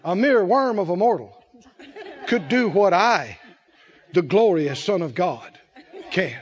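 A man's voice: high-pitched, animated, takes it slowly, lo-fi sound, voice pushed down. A male preacher voicing a haughty divine figure who scolds mortals in pompous, old-fashioned speech. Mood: mock-scornful.

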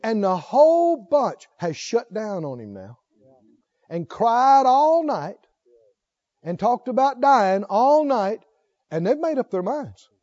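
A man's voice: extremely high pitch, sing-song, takes it slowly, darkish tone, muffled recording. A man preaching a sermon, reading scripture aloud and calling questions out to his congregation. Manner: calls out questions to the congregation, reads scripture aloud with rising fervor.

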